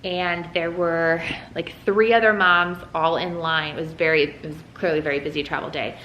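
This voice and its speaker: A woman's voice: low voice, steady tone, normal speed, reverberant, highs cut off, slight background noise. A young woman vlogger casually telling a story at home while folding laundry, full of "like" and "um". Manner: chatty, lots of "like" and "um". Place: room at home.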